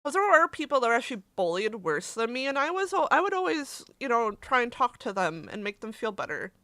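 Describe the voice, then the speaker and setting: Bright, emotional woman streamer. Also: fairly high pitch, big pitch swings, fairly quick, dry recording. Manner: candid, swears casually, emotional and laughing. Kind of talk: casual livestream chat, reading birthday messages aloud.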